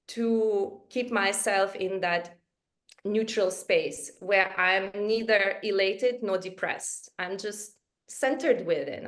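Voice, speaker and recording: A woman speaking as a webinar panelist over a video call, calm and measured, asking herself questions aloud. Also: mid-range voice. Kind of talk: reflective webinar talk.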